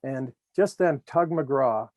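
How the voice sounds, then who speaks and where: This is a man in his sixties who trained pro athletes. He tells loose, rambling stories full of fillers and restarts. His voice sits at an ordinary pitch and sounds dry and close. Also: takes it slowly, darkish tone, dry recording. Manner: rambling anecdotes with many fillers. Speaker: guest, former sports trainer. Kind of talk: storytelling interview.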